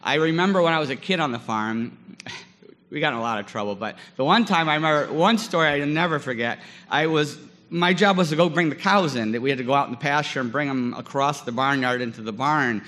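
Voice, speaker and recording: A man in his forties telling a lively story in a sermon, acting out scenes with many fillers. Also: fairly high pitch, a little fast, long reverb tail. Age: 40s. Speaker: guest chapel speaker.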